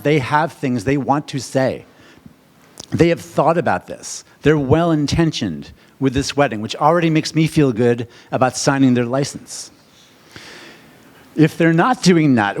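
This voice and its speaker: Presenting to a seminar audience, a middle-aged American wedding officiant is animated and theatrical, jumping to loud, high questions.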